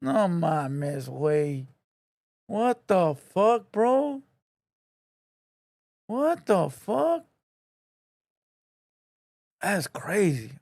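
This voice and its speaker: A man's voice: sits high, big pitch swings, very slow, vocal fry, long pauses, a little mellow, dry recording, studio quality. A man streaming live, reacting to a podcast clip with a mocking, scolding rant.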